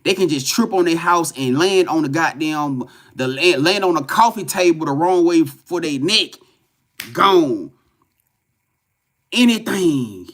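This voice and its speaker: A man giving a live spiritual reading to viewers, talking in a profane, repetitive, animated way. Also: fairly high pitch, a little slow. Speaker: tarot reader.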